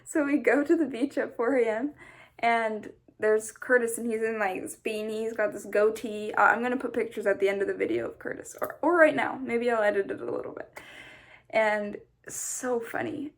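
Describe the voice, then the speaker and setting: A tired woman vlogger telling a story in a casual, rambling, animated way. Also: a little high, moderate pace. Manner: chatty, rambling, animated retelling.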